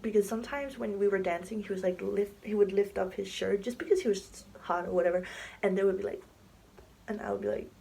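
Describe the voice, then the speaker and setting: A woman's voice: medium pitch, steady tone, brisk, vocal fry, dark tone, a little hiss or hum, low-quality recording. A young woman telling a story on her vlog in a chatty, casual way, full of fillers and often dropping into a whisper. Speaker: vlogger. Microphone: camera mic, sitting to film.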